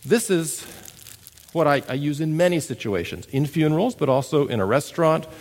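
A man preaching a sermon, emphatic and animated, telling stories and demonstrating. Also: on the high side, moderate pace, big-room sound. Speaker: missionary preacher. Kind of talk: sermon with storytelling.

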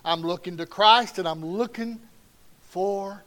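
A middle-aged man preaching a sermon in a folksy, conversational way that swings from quiet to loud. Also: high voice, unhurried.

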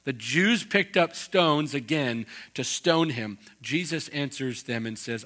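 Male pastor, bright and forward tone, chatty sermon delivery with acted-out asides. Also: medium pitch, lively intonation, takes it slowly, hardly any pauses. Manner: conversational preaching with acted-out quotes. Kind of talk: expository sermon.

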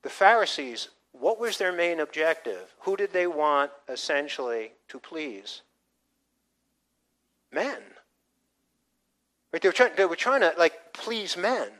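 A man's voice: a little high, very animated, slow pace, long pauses, fairly bright tone, poor audio. An older man, a pastor, preaching a conversational sermon with frequent restarts and asides. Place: church.

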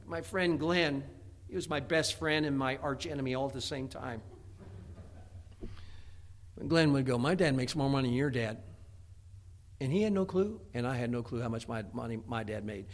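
A middle-aged man preaching a sermon in a folksy way, often restarting with stammered repeats. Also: mid-range voice. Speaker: pastor.

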